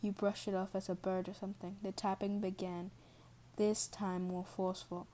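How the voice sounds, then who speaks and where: A woman reads a fan story aloud in a mellow, unhurried voice. She restarts and fixes her words as she reads, and a faint hiss sits behind her. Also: mid-range voice, level tone. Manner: reads with restarts and self-corrections, stops to apologize. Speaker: fan fiction reader. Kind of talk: second-person story reading.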